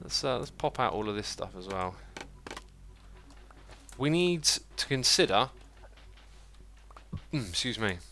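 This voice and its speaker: There's a little hiss or hum under this man's expressive, mid-range voice, which is bright and forceful, a little slow, and full of pauses. Hosting a livestream, he talks casually as he plays a building game, thinks aloud about what he's making, and reads out what viewers send.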